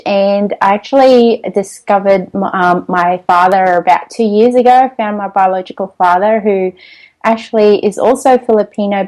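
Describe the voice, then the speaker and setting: A woman's voice: mid-range voice, a little mellow, poor audio. A woman with an Australian accent, a mother and podcast guest, talking in a chatty way with frequent laughs and restarts. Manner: chatty, laughs often, many ums and restarts. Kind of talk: interview over the internet.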